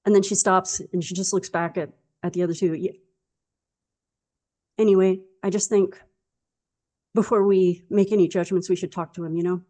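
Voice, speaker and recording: A woman's voice: lowish voice, steady tone, normal speed, pauses often, dark tone. A woman playing a tabletop role-playing game, talking in character in an earnest, rambling way full of fillers. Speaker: player.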